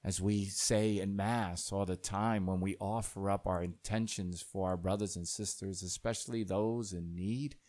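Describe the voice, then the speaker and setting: A priest preaching a sermon in a low, unhurried man's voice. He speaks slowly and deliberately, each phrase set apart. When he tells a parable, his voice rises into dramatic swells. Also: fairly even intonation, darkish tone.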